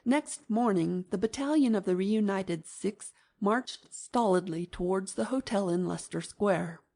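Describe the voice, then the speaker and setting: A woman narrating an audiobook in an even, measured manner. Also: medium pitch, gravelly.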